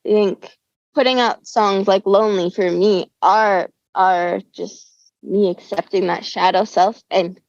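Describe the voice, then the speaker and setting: A woman's voice: mid-range voice, steady tone, unhurried, a little mellow, no echo. Young female musician guest, casual slangy chat, dry lo-fi audio. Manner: laid-back slangy talk, says dude and bro. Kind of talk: casual conversational interview. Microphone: remote call. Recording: dull, dry lo-fi call audio.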